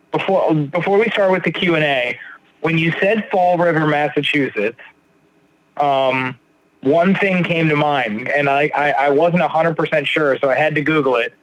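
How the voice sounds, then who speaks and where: A man's voice: on the high side, measured pace, dull audio. A man hosting a recovery podcast, joking casually and asking rambling questions full of fillers. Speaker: podcast host. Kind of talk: casual interview talk.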